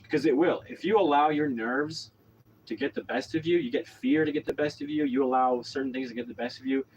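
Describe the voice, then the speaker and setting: A man's voice: mid-range voice, a little hiss or hum, rough recording. A man from Oklahoma telling a long story in a casual monologue, rambling with lots of fillers and restarts. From Oklahoma, USA. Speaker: vlogger.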